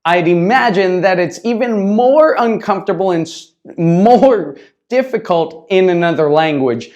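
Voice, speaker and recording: A man's voice: sits high, animated, a little slow, a little mellow. A man teaching business English to camera in a casual style, often checking in with "right?" and dropping into brief Spanish asides. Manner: conversational, repeats "right?" often.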